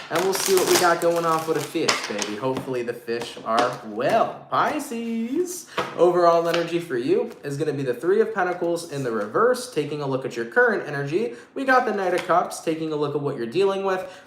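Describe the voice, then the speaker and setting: A man giving a casual live tarot reading to viewers, talking in slang and swearing freely. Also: a little high. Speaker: tarot reader. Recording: echoey room, faint noise.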